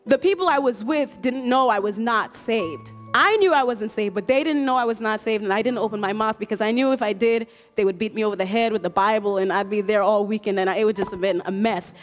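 At a church service, a woman from the choir gives an earnest, emotional personal testimony in a mid-range voice. She speaks haltingly, restarting and repeating words and often breaking into laughter, with faint music behind her.

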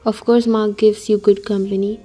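Young wife and new mom read by a woman, light, playful, mellow storybook voice. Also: mid-range voice, level tone, moderate pace, soft background music, close to an everyday voice.

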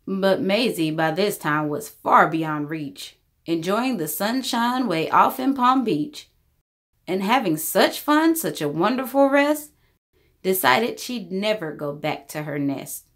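A woman storyteller reading a rhyming children's story aloud, with expressive narration. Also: medium pitch, slow pace.

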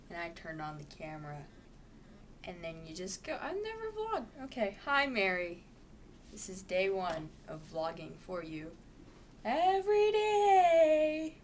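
A young woman vlogging casually to camera, chatty and playful, now and then breaking into loud sing-song bits. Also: deep voice, fairly even intonation, measured pace, slight background noise. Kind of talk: casual vlog chat.

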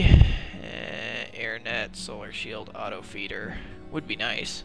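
A man's voice: fairly low pitch, flat delivery, slow pace, gravelly, over music. A man streaming a game, cursing and muttering to himself as he plays. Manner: frustrated, swearing, muttering to himself; panicked, shouting. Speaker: gaming streamer. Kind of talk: live gameplay commentary.

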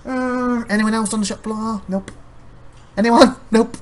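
A man's voice: high-pitched, fairly even intonation, unhurried, slight background noise. Rambling man commentating a game. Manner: rambling, chatty, laughs often. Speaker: let's play host. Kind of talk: casual gameplay commentary.

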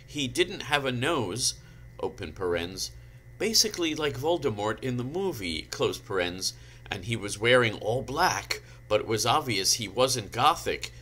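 Slow, deadpan man reading aloud. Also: mid-range voice, a little hiss or hum. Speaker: guest reader. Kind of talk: comic dramatic reading.

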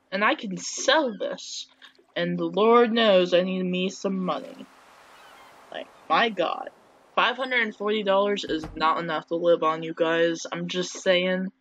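A woman's voice: fairly low pitch, takes it slowly, fairly bright tone. A woman giving casual let's-play commentary, chatty and wry, with joking asides as she plays. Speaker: game player. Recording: dull lo-fi with faint hiss.

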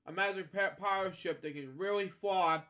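A man's voice: high voice, moderate pace, sharp tone. A man voicing a polite, cheerful cartoon mouse while reading a storybook aloud. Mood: eager.

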